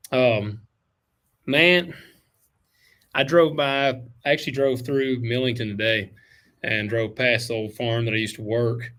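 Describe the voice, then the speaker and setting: A man hosts a farming podcast in relaxed chat, at an average pitch for a man. He talks informally, peppering his talk with man and dude. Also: unhurried, pauses often. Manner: chatty and informal, calls people man and dude. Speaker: podcast host reading listener emails. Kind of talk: casual chat.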